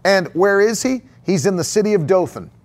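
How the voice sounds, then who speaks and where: Brief: man preaching with a high, lively voice that swings widely, emphatic and full of repetition. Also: brisk. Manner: emphatic, repeats key phrases, asks rhetorical questions. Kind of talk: sermon.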